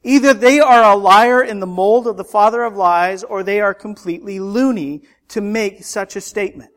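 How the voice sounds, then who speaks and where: A man preaching a sermon, impassioned and rhetorical, swinging between loud emphatic lines and hushed ones. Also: high-pitched, normal speed.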